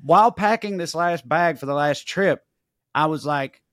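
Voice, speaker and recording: A man's voice: a little high, moderate pace, no room sound, clean studio sound. A man co-hosting a podcast, telling a story in casual chat, cursing freely and acting out what people said. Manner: profane, animated storyteller acting out quotes. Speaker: podcast co-host.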